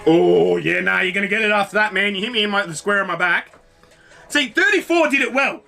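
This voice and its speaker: Guy, reaction host: high, sharp, excitable, swears a lot. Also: brisk, gravelly, soft background music. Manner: excitable, swears freely, talks to the screen. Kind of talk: casual reaction commentary.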